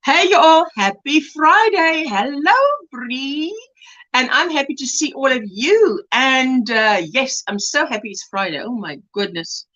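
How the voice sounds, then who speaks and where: A woman's voice: high voice, expressive, unhurried, a bit bright, muffled recording. A woman from South Africa hosting a casual crochet livestream, greeting viewers by name and reading out chat comments.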